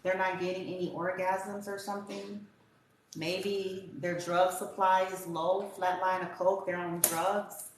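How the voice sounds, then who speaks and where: A woman's voice: fairly low pitch, flat delivery, a little slow. A woman giving a casual tarot reading in a blunt, profane, rambling rant. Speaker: tarot reader. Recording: very echoey room with faint hiss.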